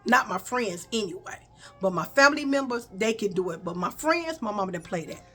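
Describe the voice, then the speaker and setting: A woman vlogger telling a childhood story in an animated, conversational way, talking straight to her viewers. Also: medium pitch, brisk, breathy edge, soft background music. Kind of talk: casual storytelling.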